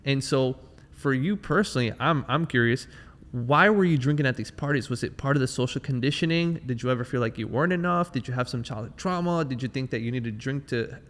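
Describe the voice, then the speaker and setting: A man's voice: medium pitch, fairly quick, fairly bright tone, big-room sound. A man hosting an interview, enthusiastic and motivational, speaking straight to his listeners. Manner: enthusiastic, motivational, addresses the audience. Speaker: podcast host.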